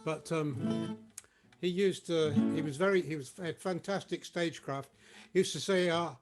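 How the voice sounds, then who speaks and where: A man's voice: fairly high pitch, normal speed. A man introducing a blues guitar piece with a rambling, chuckling anecdote, recorded at home for an online session. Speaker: guitarist and singer. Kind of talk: casual spoken introduction.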